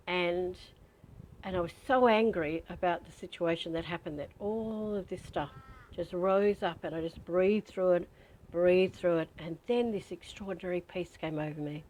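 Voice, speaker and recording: In this poorly recorded clip, a woman with a lowish, slightly mellow voice leads a guided spiritual training talk. She's a spiritual teacher who shares personal stories in a candid, chatty way and prompts listeners to breathe.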